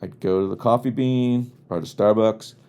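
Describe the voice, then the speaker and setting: A man's voice: fairly low pitch, moderate pace, mellow, clear, resonant tone. A man hosting a podcast, originally from the US East Coast, telling rambling, wry and exasperated comic stories in a casual monologue. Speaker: podcast host. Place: home studio in Los Angeles.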